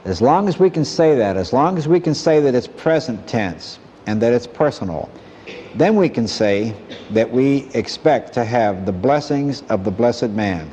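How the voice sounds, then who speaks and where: A man giving an earnest, measured Bible lesson and quoting verses as he teaches. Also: medium pitch, expressive, warm tone, big-room sound, a little hiss or hum.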